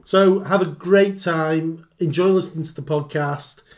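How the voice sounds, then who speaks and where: A man's voice: fairly high pitch, fairly even intonation, unhurried. A man co-hosting a podcast in casual chat. He talks in a dry, teasing way and slips in jokes at his partner's expense. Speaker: podcast co-host.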